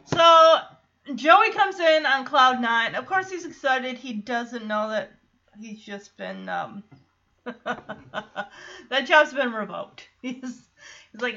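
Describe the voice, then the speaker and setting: A woman hosting a podcast, recapping an episode in a chatty, animated way. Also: a little high, slow, highs cut off. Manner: chatty, animated, acts out quotes. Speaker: podcast host.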